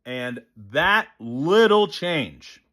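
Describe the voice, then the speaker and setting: A man teaching voice technique in a casual, animated way, who demonstrates sounds and sings short snippets. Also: a little high, extremely slow. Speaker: voice coach. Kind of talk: casual instructional talk.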